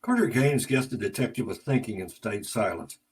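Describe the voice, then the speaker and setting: A man narrating a detective story in a steady, matter-of-fact way. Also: fairly low pitch, moderate pace, a little hiss or hum, rough recording.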